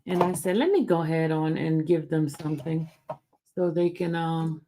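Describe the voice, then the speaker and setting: A woman's voice: low voice, normal speed, background noise. A woman hosting a casual livestream, talking in a rambling way with many fillers and repeated words, into a close handheld mic. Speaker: channel host. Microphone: handheld mic held close.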